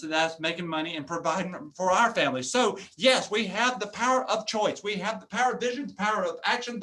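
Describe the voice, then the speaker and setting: A man giving a motivational keynote talk as a professional speaker, animated and jokey, acting out customers in funny voices. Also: sits high.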